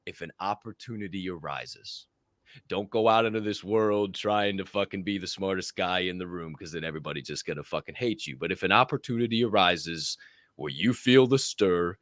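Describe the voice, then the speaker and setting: Low-voiced man giving a punchy pep talk. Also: a bit bright, no room sound, studio quality. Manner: emphatic, profane, punchy repetition. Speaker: podcast co-host. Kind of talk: motivational talk. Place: podcast studio.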